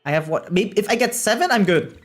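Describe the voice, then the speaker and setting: A German-accented man streams a game live and talks through it with his viewers, his pitch swinging up and down as he reacts. He answers the chat casually and laughs often. Soft game music plays faintly underneath. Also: animated, a little fast. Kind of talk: live gameplay commentary, chatting with viewers.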